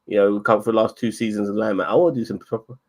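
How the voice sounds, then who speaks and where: Low-voiced rambling man. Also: steady tone, rapid-fire, darkish tone. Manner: rambling, swears a lot, stammers and repeats words. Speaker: podcast co-host. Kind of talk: casual chat.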